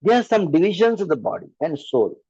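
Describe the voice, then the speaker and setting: A man's voice: a little high, big pitch swings, fairly quick, warm tone, husky, no room sound, muffled recording. A man with an Indian English accent giving a sermon as a spiritual teacher, driving his point home with repeated rhetorical questions.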